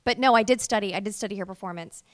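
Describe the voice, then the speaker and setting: A woman voice actress being interviewed at a convention, telling lively stories and acting out the people in them. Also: medium pitch, rapid-fire. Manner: animated storyteller, acts out quotes with voices.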